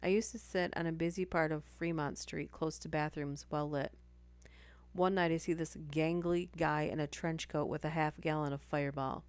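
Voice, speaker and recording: A woman's voice: sits low, steady tone, normal speed, clear, resonant tone, no room sound. A woman hosting a live stream, reading stories aloud and breaking off for chatty asides and apologies.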